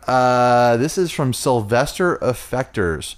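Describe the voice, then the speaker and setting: A man's voice: medium pitch, lively intonation, normal speed. A man co-hosting a casual podcast, teasing his partner and laughing often as they go through listener reviews. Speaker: podcast co-host.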